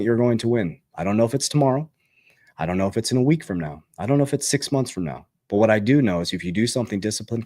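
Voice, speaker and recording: A man hosting an investing channel talks in a lowish voice that is recorded dry and close. He is emphatic and repetitive, keeps asking "okay?", and gets fired up as his pitch jumps on the big lines. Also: a little mellow, no room sound. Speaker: crypto and investing channel host. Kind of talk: motivational finance talk to camera.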